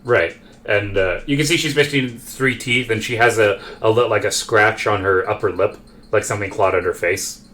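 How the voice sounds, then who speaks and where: A man with a fairly low voice runs a solo tabletop session. He narrates haltingly, full of fillers and restarts as he describes each character. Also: bright, forceful tone. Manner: hesitant, many fillers and self-corrections. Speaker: game master.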